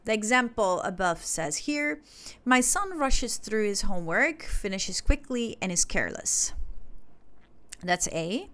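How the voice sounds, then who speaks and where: A woman's voice: medium pitch, big pitch swings, unhurried, a bit bright. A woman with an Indonesian accent, patiently teaching an English class step by step, with frequent filler sounds as she explains. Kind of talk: classroom instruction.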